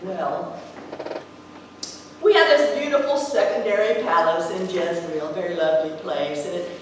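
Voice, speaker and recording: A woman playing a scheming, scornful ancient queen in a church stage monologue, telling it theatrically with lively acted-out quotes. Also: fairly low pitch, measured pace, slight background noise, close to an everyday voice. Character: scheming, scornful ancient queen, contemptuous of her weak husband. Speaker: actor in a church drama. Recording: echoey hall from far off.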